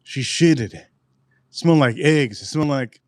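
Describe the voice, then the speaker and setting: Animated, profane man telling a story. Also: mid-range voice, measured pace, no room sound, clean studio sound. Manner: animated, profane, repeats himself. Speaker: live-stream host. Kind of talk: live-stream storytelling.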